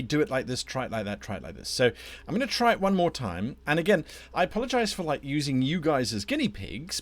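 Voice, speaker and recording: A man from South Africa, a game master chatting loosely on a live stream and rambling about his setup. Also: fairly high pitch. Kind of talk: casual live-stream chat.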